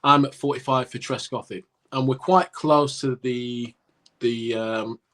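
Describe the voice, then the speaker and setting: A man's voice: mid-range voice, a little slow. A man telling a cricket anecdote on a casual podcast, acting out what people said. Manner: animated anecdote-telling with acted-out quotes. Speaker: podcast co-host, former cricketer. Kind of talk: casual storytelling.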